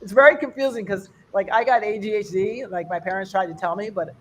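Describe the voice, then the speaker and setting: An older American woman doing a loose, rambling stand-up set for an online fundraiser. She chats to the audience like a friend, and her pitch leaps up whenever she imitates someone else's accent. A faint hiss of background noise sits under her voice. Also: fast, a bit bright. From United States. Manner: rambling and conversational, mimicking accents with big pitch jumps. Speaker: stand-up comedian.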